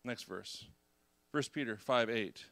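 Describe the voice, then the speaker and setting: A middle-aged man preaching a sermon, animated and acting out the voices of the people in his story. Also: medium pitch, slow, gravelly. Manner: animated, acts out voices of God and Gideon. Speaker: pastor.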